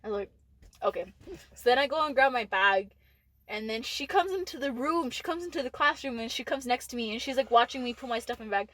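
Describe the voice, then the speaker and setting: A woman's voice: on the high side, lively intonation, fast talker, fairly bright tone. Chatty teen woman telling a story. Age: teens. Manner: candid, swears freely, many "like" fillers. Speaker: podcast co-host. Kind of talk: casual storytelling chat.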